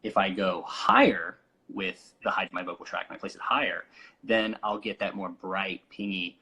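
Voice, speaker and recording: Bright, husky-voiced young man coaching singing. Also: low-pitched, expressive, moderate pace, rough recording. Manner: explains with demonstrations, many fillers. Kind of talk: casual vocal instruction.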